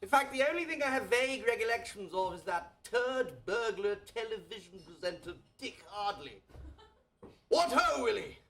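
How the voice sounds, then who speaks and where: A man's voice: sits high, expressive, normal speed, vocal fry, fairly bright tone, full character voice. A man playing a hungover, foul-mouthed posh older king in a comedic audio play, with a plummy, blustering way of talking.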